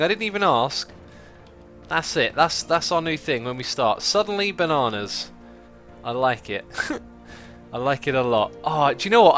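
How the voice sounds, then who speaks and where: Man, game streamer, bright tone, fairly high voice, chatty, laughs a lot, faint music behind. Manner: chatty, laughs often, reads out donations and chat. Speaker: streamer host. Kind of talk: casual livestream chat while gaming.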